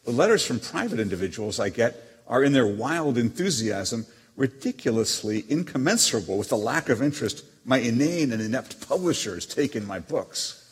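An actor reading letters as a proud, witty émigré novelist, with a haughty, dryly teasing manner. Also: male voice, medium pitch, sing-song, moderate pace, few pauses, slightly rough, full character voice. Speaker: letter reader. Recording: long hall reverb.

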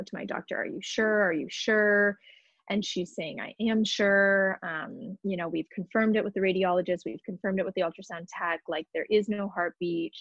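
Woman recounting a painful loss, halting. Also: on the low side, no echo, dull audio. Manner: emotional, halting, many fillers and restarts. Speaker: podcast guest. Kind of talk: personal storytelling.

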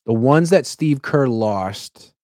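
A man's voice: medium pitch, animated, takes it slowly, darkish tone, no echo, studio quality. A man in his forties co-hosting a casual sports podcast, agreeable, reading listener comments aloud. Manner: agreeable, reads chat questions aloud.

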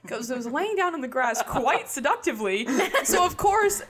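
A woman's voice: sits high, big pitch swings, normal speed, fairly bright tone. Joking young woman co-host. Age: young adult. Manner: joking storyteller. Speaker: podcast co-host. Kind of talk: casual chat.

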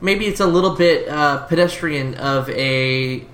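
Halting game master in an echoey room. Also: male voice, on the high side, a bit bright. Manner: halting, filler-heavy, quick rulings. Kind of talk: narrating a tabletop game.

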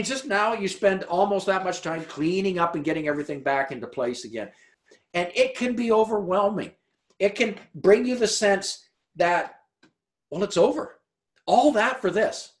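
Male pastor preaching, talks in a lively rising-falling way, roomy echo. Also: high-pitched, moderate pace. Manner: expressive, conversational preaching. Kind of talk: sermon.

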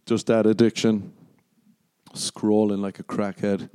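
A man's voice: lowish voice, little pitch movement, a little slow, warm tone, clear, resonant tone, dry recording. A young Irish man hosting a podcast on his own, rambling casually, swearing a lot and poking fun at himself. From Ireland. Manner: sweary, self-mocking, rambling. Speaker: podcast host.

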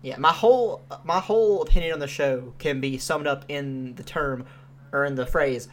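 A man's voice: fairly high pitch, normal speed. A young man co-hosting a podcast, reviewing a show in casual chat with lots of fillers and free swearing. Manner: animated, swears freely, frequent fillers. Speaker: podcast co-host.

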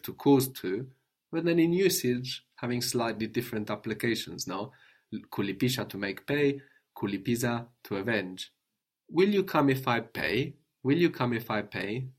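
A man teaching a language lesson, patiently prompting his student with questions and gently correcting answers. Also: mid-range voice, lively intonation, normal speed.

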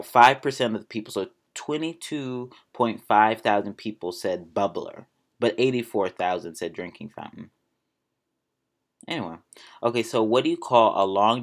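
Chatty man from Maryland, low voice. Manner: chatty, self-amused, drifts off on tangents. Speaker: podcast host. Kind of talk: casual solo podcast chat.

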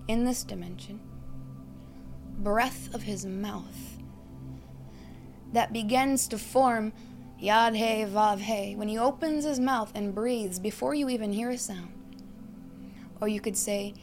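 Slowly and with long pauses, a female preacher with a slightly high voice gives a meditative sermon over faint, soft music. She reflects and teaches by asking questions and listing ideas, quieting to a hush on the key phrases.

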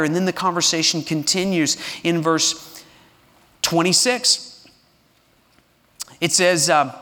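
A man preaching a sermon as pastor, with a dry, sarcastic humor, swinging between hushed moments and loud, passionate delivery. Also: high-pitched, lively intonation, moderate pace. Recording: long reverb of a large hall.

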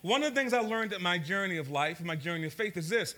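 Guy from baltimore giving a sermon, pretty high pitched, tells stories and keeps asking the crowd stuff. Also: lively intonation, fast talker, sharp tone. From Baltimore, USA. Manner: engaging, asks the crowd questions; storytelling, shifts pace for emphasis. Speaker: preacher. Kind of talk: sermon to a live audience.

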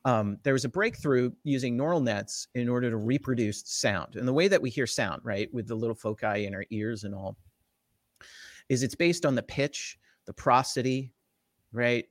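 A tech company guest from the Jersey Shore, USA, explains technology in a casual interview with a New Jersey accent, sounding animated and checking in constantly with "right?". His voice is medium-pitched at a moderate pace, recorded in clean studio sound with no room sound.

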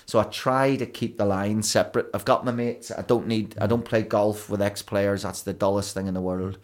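A man, a broadcaster and DJ guest telling rambling, animated stories in a casual podcast chat. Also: on the low side, normal speed. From Belfast, Northern Ireland. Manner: rambling, animated storytelling with restarts.

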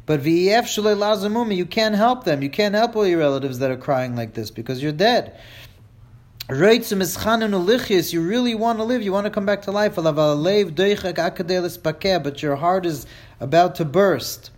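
A man with a fairly high voice leads a class through a Hebrew text, reading each line and then rendering it in English. He builds up the grim scenes with drama and slips in dry jokes. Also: lively intonation, fairly quick. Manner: reads Hebrew lines then translates them line by line, dramatic; wry, jokes with listeners. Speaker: Torah teacher.

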